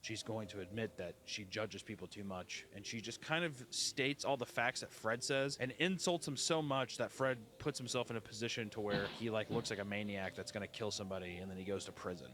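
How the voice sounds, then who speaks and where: A man's voice: lowish voice, brisk, hardly any pauses, fairly bright tone, slight background noise. A man giving a casual spoken review of a show, loose and profane, with lots of filler words.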